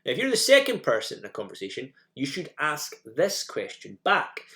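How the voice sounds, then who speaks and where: A man's voice: fairly high pitch, huge pitch swings, moderate pace, bright, forceful tone. A man narrating a recorded language lesson, explaining each step and repeating example phrases for learners to copy. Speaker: teacher.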